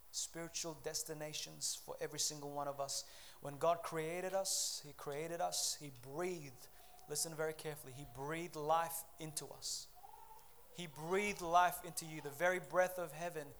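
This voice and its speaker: A man preaching a sermon at a church service, building to loud emphatic peaks, then pleading softly as he gives an altar call. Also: a little high, slight background noise. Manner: softer, pleading invitation during altar call.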